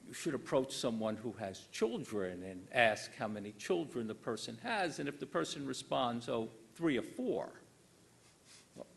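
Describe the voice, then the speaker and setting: An older man delivering a formal academic lecture, measured and emphatic with dry asides. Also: mid-range voice, lively intonation, creaky, a bit bright. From United States. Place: lecture hall.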